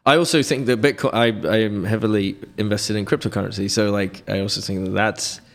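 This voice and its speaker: British guy, 30s, low register; measured, thoughtful podcast guest with deadpan humor. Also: gravelly. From United Kingdom. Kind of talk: casual interview chat.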